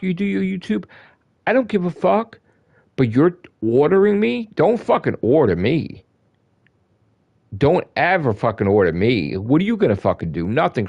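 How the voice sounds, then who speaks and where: Heated, profane gravelly-voiced man. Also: lo-fi sound. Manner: heated, profane, repeats himself; animated, swings from loud to low. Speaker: gaming livestreamer. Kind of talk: ranting live stream chat.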